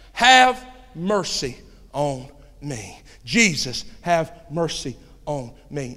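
A male pastor preaching a sermon with passion, his voice climbing to shouts at the peaks. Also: a little high, long reverb tail. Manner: impassioned, rising to shouts.

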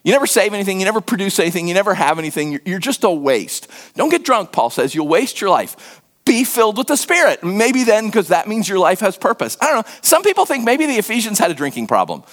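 A man's voice: high-pitched, very animated, fast talker, a bit bright. A middle-aged American man preaching a conversational sermon as a pastor, with self-deprecating humor. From United States.

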